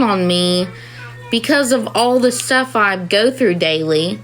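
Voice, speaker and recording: A woman's voice: mid-range voice, slow, rough recording. A woman, a mother of four, talking candidly and ramblingly in a casual personal talk to camera. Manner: candid and rambling, many "you know"s.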